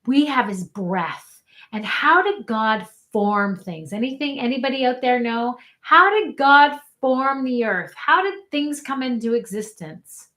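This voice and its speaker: Earnest woman coach, higher voice. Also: lively intonation, unhurried, pushed and bright. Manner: earnest, calls out questions to her audience. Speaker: life coach. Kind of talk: live online coaching talk.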